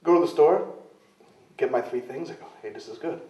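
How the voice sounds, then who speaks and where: At a London club venue, a wrestler being interviewed tells rambling, self-mocking stories and often mimics people's voices as he quotes them. His voice is on the high side, brisk, and dark in tone, and the recording is roomy, distant, and dull.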